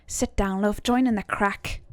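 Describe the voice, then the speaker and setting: A woman's voice: medium pitch, steady tone, measured pace, a little mellow, no room sound, lightly acted. A woman voicing a chatty, gossiping Irish local in a put-on Irish accent, delivering a crude, confiding monologue.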